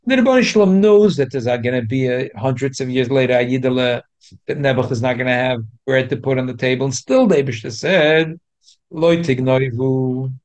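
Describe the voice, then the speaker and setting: Animated male teacher repeating for emphasis. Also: mid-range voice, a little fast. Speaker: rabbi teaching a class. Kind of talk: Torah class.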